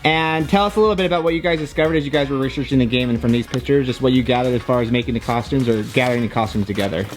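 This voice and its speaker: Hoarse man chatting loosely. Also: mid-range voice, very fast, faint music behind. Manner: loose, rambling, many "like" fillers. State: hoarse, lost voice. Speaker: interviewer. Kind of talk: casual behind-the-scenes chat.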